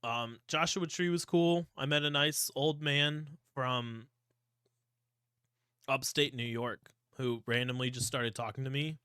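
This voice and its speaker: A young Ohio man co-hosting a podcast chats casually, rambling through stories with frequent swearing. His medium-pitched voice is steady, unhurried, bright and forceful, clear and resonant. The studio recording is dry and clean.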